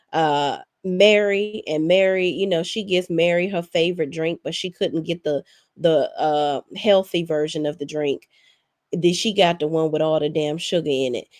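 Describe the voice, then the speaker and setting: A woman's voice: on the low side, normal speed, a little mellow, no room sound, studio quality. A woman in her forties recapping reality TV in a sassy, profane, blunt way. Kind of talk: casual recap commentary.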